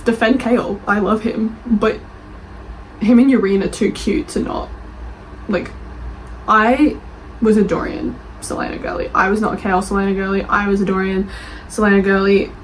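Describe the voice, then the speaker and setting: A young woman reading book reviews aloud and reacting with animated, defensive chat. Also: mid-range voice, moderate pace, long pauses, a little hiss or hum, poor audio. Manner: animated, gushing, defensive, laughs often.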